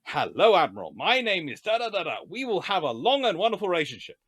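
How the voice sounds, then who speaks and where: A pompous government minister, voiced by a man, repeats his formal greeting word for word. The voice stays lively and slightly high, and the sound is dry and close. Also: fast talker, breathy edge, dry recording, full character voice. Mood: stiffly formal. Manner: stiff, formal, repetitive.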